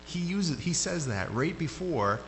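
A man preaching a sermon in a loose, conversational way. His voice jumps up sharply when he gets animated. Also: a little high, measured pace, soft background music. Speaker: pastor. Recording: hall reverb with faint hum.

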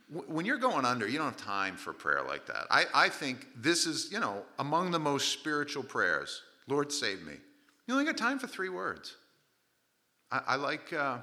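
A man's voice: mid-range voice, pushed and bright. A man preaching a sermon in a conversational, humorous way, acting out the voices of the people in his story and often restarting his sentences.

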